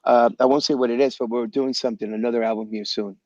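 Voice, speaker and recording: A man being interviewed as a guest musician over a video call, telling animated stories in a loose, slangy way and calling people "man" and "bro". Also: mid-range voice, quick pace, no room sound, dull audio. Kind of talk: casual storytelling interview. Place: home in Los Angeles area.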